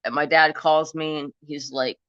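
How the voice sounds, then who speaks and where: Casual male stream host with a bright, tense voice, chatty and profane, recorded dry and a bit lo-fi. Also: fairly high pitch, normal speed, no echo. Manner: rambling, animated, swears freely. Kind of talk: casual storytelling chat. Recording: slightly dull, lo-fi sound.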